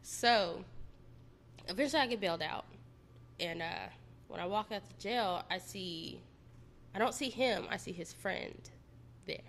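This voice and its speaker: A woman's voice: mid-range voice, measured pace, pauses often, fairly bright tone, slight background noise. A woman telling her own story bluntly. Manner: candid, blunt and profane. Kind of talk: casual personal storytelling.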